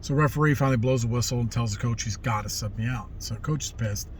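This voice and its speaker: A middle-aged man tells stories from his own life in an easygoing, rambling way and slips into livelier voices when he quotes others. His pitch sits in an ordinary middle range, and a faint background noise runs under the recording. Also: fast. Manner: rambling, animated when quoting people. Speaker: vlogger telling life stories. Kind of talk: casual storytelling.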